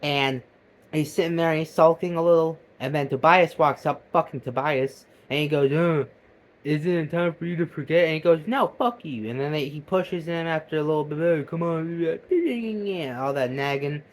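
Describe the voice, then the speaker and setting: A man talks through a video he has just watched, cursing freely and jumping between loud excited bursts and quiet mutters. His voice sits a bit higher than most men's. He sounds keyed up and talks in a casual, rambling way. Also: brisk. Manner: animated, profane, jumps between loud outbursts and mutters. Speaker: video reactor.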